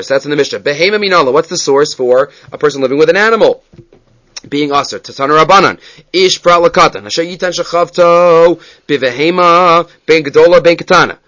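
A man's voice: a little high, fairly bright tone. A man giving a Talmud class, reading Hebrew and Aramaic texts aloud and explaining them in English. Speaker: Talmud teacher. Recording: dull lo-fi recording.

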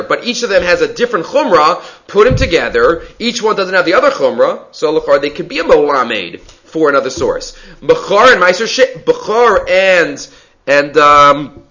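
A man with a bright, fairly high voice gives a Talmud lecture, explaining the sources in English. He reads long Hebrew and Aramaic passages with a lively lift, then drops back into quick explanation. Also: muffled recording. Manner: talks fast with frequent restarts. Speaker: Talmud teacher.

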